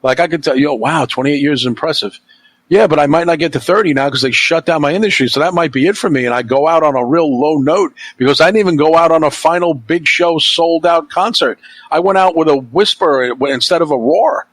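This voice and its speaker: A middle-aged man hosts a podcast in casual chat, his voice on the high side and a little fast. He's blunt and opinionated and swears freely, and the recording is rough with no room sound.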